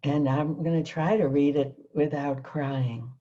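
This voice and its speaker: A woman hosting a prayer gathering, speaking softly and with emotion as she reads a prayer aloud. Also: low-pitched, steady tone, lo-fi sound. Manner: slow, soft and emotional, drawn-out words. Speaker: host. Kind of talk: reflective talk and prayer reading.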